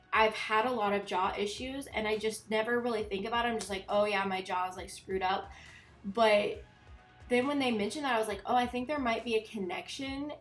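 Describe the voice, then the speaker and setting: A woman's voice: on the high side, roomy sound. A young woman vlogger chatting casually in a voiceover, congested and a bit nasal, rambling with lots of fillers.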